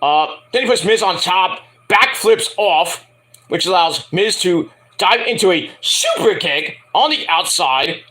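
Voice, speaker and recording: High, lively-voiced man ranting a review. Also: measured pace. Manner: animated, profane, jumps into mocking impressions. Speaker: wrestling show reviewer.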